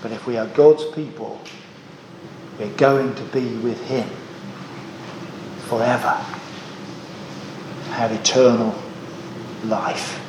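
A man's voice: mid-range voice, slow pace, long pauses, darkish tone, echoey room, a little hiss or hum, low-quality recording. A man preaching a sermon, earnest and emphatic, asking the congregation rhetorical questions and repeating key phrases. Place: church.

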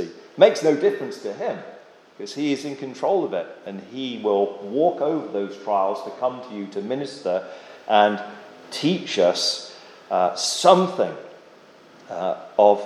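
A man's voice: mid-range voice, darkish tone. A man preaching a sermon, earnest and dramatic, with rhetorical questions and frequent restarts. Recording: echoey hall with long reverb.

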